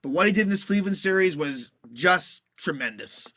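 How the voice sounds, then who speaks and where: Male sports podcast host, solo recap, casual with lots of "um"s, bright tone, dry close recording. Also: high-pitched, expressive, fairly quick, no echo. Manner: casual, lots of fillers and restarts.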